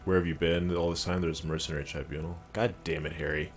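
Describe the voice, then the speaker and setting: A man's voice: sits low, fairly even intonation, quick pace, few pauses, faint music behind. A man streaming a game, reading its dialogue aloud and joking in between. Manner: wry, joking, reads lines in character.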